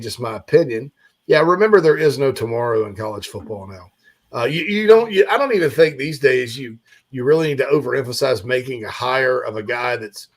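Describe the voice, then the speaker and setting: A man hosting a sports talk show, rambling casually with lots of fillers and restarts. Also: medium pitch.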